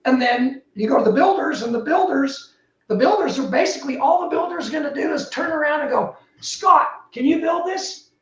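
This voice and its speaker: A high-voiced woman speaks as an interview guest, animated and emphatic, her pitch leaping up and down as she makes her points. Her voice sounds roomy and set back from the mic. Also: brisk, far from the mic, muffled recording. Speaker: guest, building technology entrepreneur. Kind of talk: casual interview talk.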